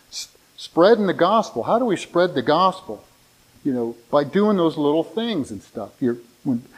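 A man with a fairly high-pitched voice preaches in a loose, conversational way, stumbling into restarts and fillers as he goes. When he reads scripture he slows down and his voice rises. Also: darkish tone, poor audio. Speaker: pastor. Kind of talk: sermon.

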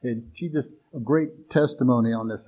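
A man's voice: medium pitch, normal speed, slightly rough, lo-fi sound. A male pastor preaching a sermon in a folksy, conversational way, often restarting sentences and acting out everyday voices in quoted asides.

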